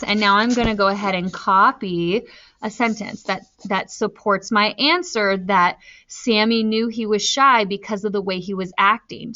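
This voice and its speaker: Slow, bright-voiced woman teacher. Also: medium pitch. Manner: slow, deliberate, spelling out answers while writing. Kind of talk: recorded reading lesson. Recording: slightly dull lo-fi recording.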